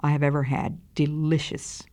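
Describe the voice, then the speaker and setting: A calm, joyful woman near death, speaking softly and serenely, as a woman reads her lines aloud. Her voice is gentle and unhurried. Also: low-pitched, close to an everyday voice.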